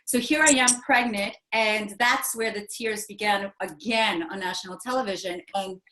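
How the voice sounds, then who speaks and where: A woman's voice: mid-range voice, moderate pace, bright, forceful tone. A woman in her forties, a guest in an interview, telling a personal story in an earnest, rambling way, with many fillers and restarts. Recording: echoey room.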